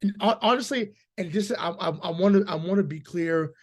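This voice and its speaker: A hoarse man co-hosting a casual sports podcast, talking emphatically with lots of swearing and stammered repeats. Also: high-pitched, brisk. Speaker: podcast co-host.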